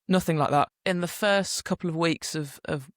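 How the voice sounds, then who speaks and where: A young woman from the UK co-hosting a casual podcast, telling stories with lively acted-out quotes. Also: fairly low pitch, normal speed, no echo, clean studio sound. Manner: lively storytelling, acts out quotes. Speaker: podcast co-host. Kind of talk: casual chat.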